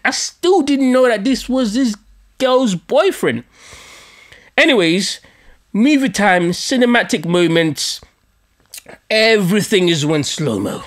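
Animated man telling a story. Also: high-pitched. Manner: animated, profane, laughing at himself. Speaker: podcast host. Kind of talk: casual storytelling.

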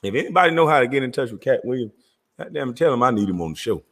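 A husky-voiced man with a Southern twang rants loudly and with animation, cursing freely and breaking into laughter. His voice rings with a long reverb. He is hosting his own show in casual, profane talk. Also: medium pitch, animated, rapid-fire. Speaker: show host.

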